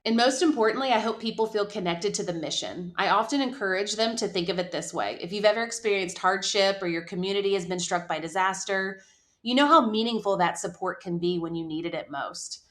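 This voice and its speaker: A woman giving earnest, reflective answers as a podcast guest, pausing now and then to gather her thoughts. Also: medium pitch, fairly bright tone. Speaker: podcast guest, charity program leader. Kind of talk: interview answers.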